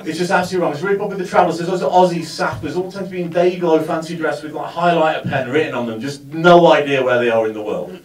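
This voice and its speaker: A man's voice: fairly high pitch, rapid-fire, few pauses. A man performing a stand-up comedy set, telling a story with wry build-ups to punchlines in a live venue. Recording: roomy sound, mic far from speaker.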